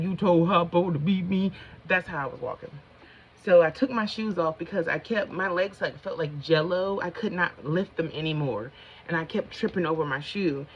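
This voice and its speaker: A woman's voice: deep voice, a little hiss or hum. Rambling middle-aged woman telling a story. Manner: rambling, easily sidetracked; chatty, colloquial, addresses viewers as y'all. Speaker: vlogger. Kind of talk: casual storytelling while doing makeup. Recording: slightly dull lo-fi sound.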